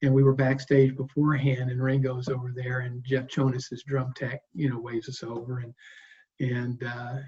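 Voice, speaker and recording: A man in his sixties with a husky, slightly breathy voice tells long, wandering anecdotes as a guest in an interview. His delivery is relaxed and conversational. The recording sounds dull and lo-fi. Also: medium pitch, normal speed. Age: 60s. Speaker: guest bass player. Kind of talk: interview storytelling.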